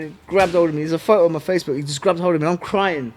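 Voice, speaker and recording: A man's voice: on the high side, racing, a little hiss or hum. A middle-aged man, telling his story as a podcast guest, candid and blunt, heavy with slang and swearing. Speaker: podcast guest, former fighter. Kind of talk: emotional storytelling.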